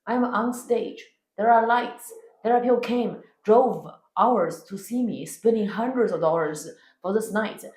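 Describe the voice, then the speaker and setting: A woman's voice: mid-range voice, a little slow, darkish tone, roomy sound, low-quality recording. A woman comedian whose first language is Chinese, speaking with a Chinese accent and answering interview questions bluntly and emphatically. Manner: blunt and emphatic, swears freely.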